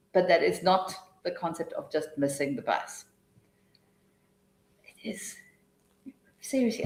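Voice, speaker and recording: Woman trainer, lower voice, chatty and lively, online teaching webinar, echoey room. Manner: chatty and lively, laughing often, thinking aloud between points. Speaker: TEFL trainer leading a webinar.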